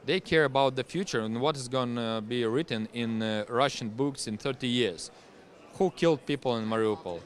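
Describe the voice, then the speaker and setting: A man from Ukraine with a Ukrainian accent, speaking English haltingly with many pauses and restarts as an interview guest. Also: mid-range voice. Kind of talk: conversational interview.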